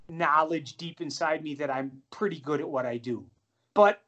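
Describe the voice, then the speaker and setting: A middle-aged man, a jazz pianist, telling animated, self-deprecating stories in a casual interview. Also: sits high. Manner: animated, self-deprecating anecdotes with many restarts.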